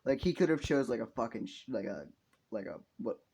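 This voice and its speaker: A man's voice: mid-range voice, sing-song, a little fast, vocal fry, a little mellow, breathy edge. A young man casually making up a story as he goes, rambling, swearing often and laughing at his own jokes.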